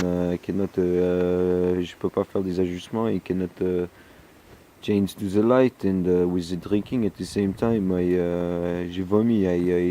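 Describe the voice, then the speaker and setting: A deep, mellow-voiced man with a French accent rambles through a casual outdoor vlog, worn out and hungover. He talks in halting bursts full of fillers and drifts between English and French. Faint background noise sits under his voice. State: tired and hungover. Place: outdoors on a deck.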